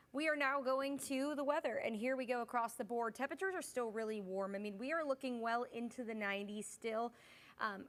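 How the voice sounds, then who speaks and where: A young woman meteorologist hosts a live weather stream in a relaxed, chatty way, reading out viewer comments as she goes through the forecast. Her voice sits a little high, and she sounds tired, stifling yawns between updates. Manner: chatty, reads viewer comments, yawning and apologizing. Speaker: meteorologist, fill-in host.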